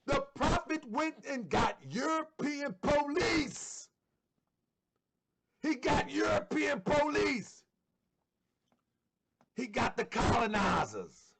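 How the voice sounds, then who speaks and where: A man's voice: very high voice, lively intonation, slow pace, gravelly, pauses often, background noise. A man hosting an online show, giving fervent religious commentary and repeating phrases for emphasis. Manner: fervent, sometimes shouting.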